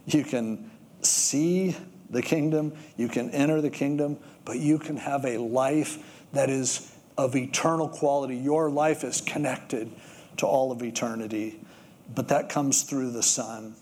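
A man, preaching a sermon and telling stories in a relaxed, conversational way. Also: medium pitch, measured pace. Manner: conversational storytelling, with lively acted quotes. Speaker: pastor.

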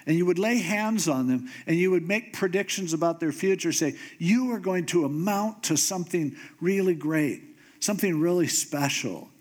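Man preaching with comic voices. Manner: comic, acts out characters with jumps in pitch. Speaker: pastor. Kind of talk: sermon storytelling.

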